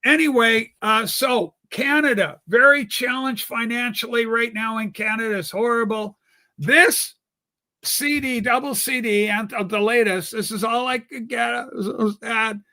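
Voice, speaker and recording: A man's voice: extremely high pitch, moderate pace, sharp tone. A man hosting a casual podcast chat, rambling and enthusiastic. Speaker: show host.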